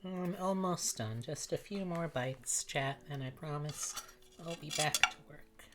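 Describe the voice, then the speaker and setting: Low, slow-talking woman streamer. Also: background noise. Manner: relaxed, chats with viewers between bites, reads chat aloud. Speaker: livestreamer. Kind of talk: casual livestream chat while eating.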